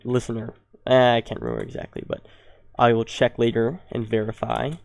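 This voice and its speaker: A young man hosting a coding tutorial, explaining step by step and thinking aloud, with ums and quick self-corrections. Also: mid-range voice, sing-song, vocal fry, a little mellow, no echo. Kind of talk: screen-recorded coding tutorial.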